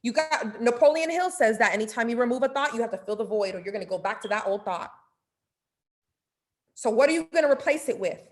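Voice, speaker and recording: This is a woman leading a motivational mentorship talk. Her voice sits a little high, and her delivery is animated and casual. She speaks straight to her listeners. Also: a little fast. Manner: animated and playful, acting out inner dialogue; casual, direct, addresses listeners.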